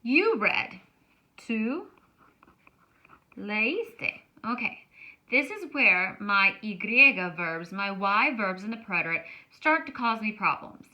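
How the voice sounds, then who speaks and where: Slow, bright-voiced woman teaching Spanish. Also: medium pitch, big pitch swings. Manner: explains slowly, stretches words to show sounds, sings a short ending song. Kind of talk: classroom grammar lesson.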